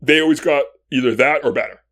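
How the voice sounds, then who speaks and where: A male podcast co-host in casual history chat, animated, acting out historical figures in quick asides and laughing often. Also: fairly high pitch.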